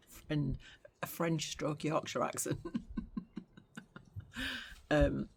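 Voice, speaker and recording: A woman's voice: low-pitched, flat delivery, drawn-out words, gravelly, slightly rough. A middle-aged woman vlogging in a casual chat, talking in a chatty, sarcastic way and often going off on tangents.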